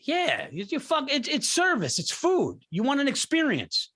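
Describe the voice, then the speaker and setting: A middle-aged man co-hosting a podcast, telling animated, profane stories and ranting about pet peeves. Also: extremely high pitch, moderate pace, few pauses. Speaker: podcast co-host. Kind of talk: casual comedic storytelling.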